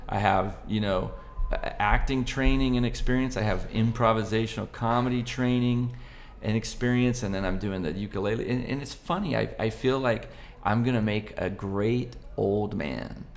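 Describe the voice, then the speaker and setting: A guest musician and comedian in his forties, from Southern California, chats playfully in a casual interview and rambles through his stories. His voice is lowish and moderately paced, with slight background noise.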